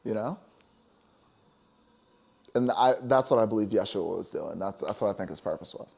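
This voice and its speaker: A man's voice: lowish voice, lively intonation, normal speed, gravelly, pauses often, a little mellow, slightly rough. A man co-hosting a casual spiritual talk show, talking emphatically and preaching, with many "you know?" asides. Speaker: podcast co-host.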